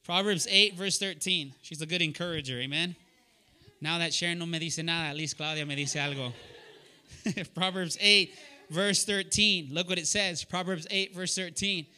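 With a bright, forceful, clean tone and a fairly high pitch, a man preaches to a young adults Bible study at normal speed. He tells personal stories earnestly and directly, singling out listeners by name with questions.

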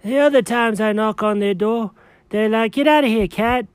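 A man acts out a wired, sugar-crazed tomcat with a high, bouncy voice. He is excitable, rambles, and tosses around "dog" as a nickname. The sound is dry and close. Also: normal speed, no room sound, close to an everyday voice. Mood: giddy. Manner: excitable, calls everyone dog. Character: hyperactive sugar-crazed male cat.

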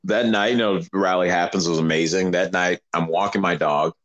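Deep-voiced man telling a story. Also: moderate pace. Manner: animated, rambling, many restarts. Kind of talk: casual storytelling interview.

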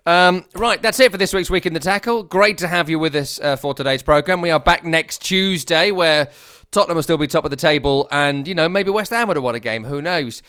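A man's voice: a little high, bright, forceful tone, clean tone. Earnest man hosting a football podcast. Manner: earnest, reflective, halting with restarts. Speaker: podcast host. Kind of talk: casual football podcast chat.

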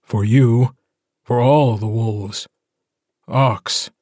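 A man voicing a gentle, steady male alpha werewolf, speaking in a soft, slow, soothing way. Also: medium pitch, no room sound, clean studio sound. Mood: somber.

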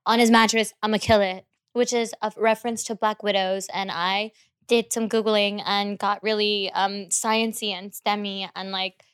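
A woman's voice: medium pitch, normal speed, clean tone, no echo, studio quality. A young woman, a guest musician, telling stories in a casual podcast chat, swearing freely and laughing. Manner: animated, swearing, laughing storyteller.

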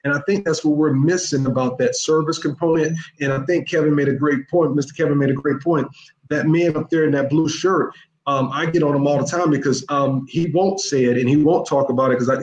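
Middle-aged man, fairly high voice, emphatic and repetitive, roomy echo. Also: a little fast, lo-fi sound. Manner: emphatic, repetitive, keeps addressing the host by name. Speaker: youth mentor guest. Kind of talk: casual interview talk. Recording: echoey room.

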